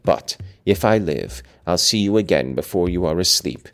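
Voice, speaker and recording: A brooding young man from a storybook reading, put on by a man, dropped very low and hushed. He speaks urgently and ardently, with his voice held down. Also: expressive, normal speed. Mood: pleading.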